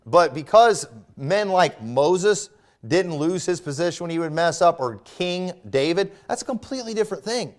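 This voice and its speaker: Preaching man, higher voice. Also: lively intonation, normal speed. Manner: conversational preaching with repetitions and asides. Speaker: pastor. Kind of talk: sermon. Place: church.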